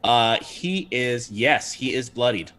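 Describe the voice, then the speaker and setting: A man's voice: medium pitch, lively intonation, takes it slowly, fairly bright tone. A man acting as game master, narrating a tabletop game on a livestream in an easygoing, chatty way with frequent ums.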